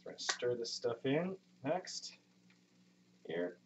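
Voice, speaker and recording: A man's voice: mid-range voice, sing-song, takes it slowly, background noise. A man in his thirties live-streaming from a home kitchen, chatting with viewers in a rambling, profane, self-deprecating way. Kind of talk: casual live-stream chat. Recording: muffled lo-fi stream audio.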